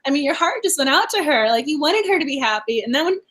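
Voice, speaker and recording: A woman co-hosting a casual book discussion, animated and acting out lines from the story. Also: sits high. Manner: fast, animated, acts out quotes. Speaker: book review co-host.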